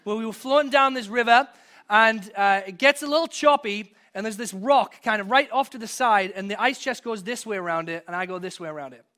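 A man's voice: high voice, fairly quick, pushed and bright. A man preaching a sermon, reading scripture and telling a personal story in a conversational way that rises to emphatic moments. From from outside the US. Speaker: pastor.

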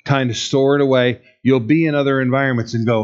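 A man's voice: medium pitch, steady tone, quick pace, few pauses, dull audio. A male pastor giving a conversational, emphatic sermon with rhetorical questions to the congregation.

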